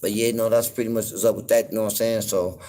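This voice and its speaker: A man hosting his own show, talking in a loose, rambling commentary full of fillers and cursing, getting loud and incredulous when something riles him. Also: lowish voice, steady tone, quick pace. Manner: laid-back, rambling, frequent fillers and profanity. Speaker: podcast host. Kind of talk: casual commentary monologue.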